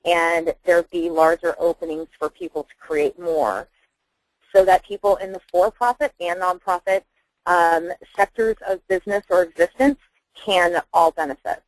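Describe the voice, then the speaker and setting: A woman speaking as a webinar guest, enthusiastic but halting, often searching for her words. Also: fairly low pitch, no room sound, low-quality recording. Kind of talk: conversational webinar talk.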